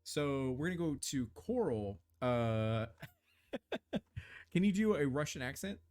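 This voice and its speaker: A man's voice: medium pitch, very animated, takes it slowly, a little mellow. A man running a tabletop game as game master, describing scenes with many fillers and restarts.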